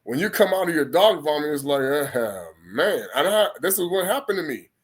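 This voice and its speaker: A man preaches in a loose, conversational way, his voice sitting a little high for a man. He rambles, restarts his sentences and repeats words as he goes. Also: lively intonation, normal speed, husky. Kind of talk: informal spoken sermon.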